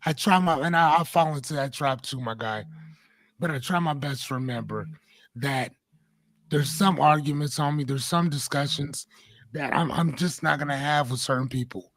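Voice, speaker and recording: A man in his forties co-hosts a podcast, chatting casually as he loosely retells a fable with small hesitations. His voice is a little high, his speed normal, and there's no echo. He comes across as a relaxed storyteller.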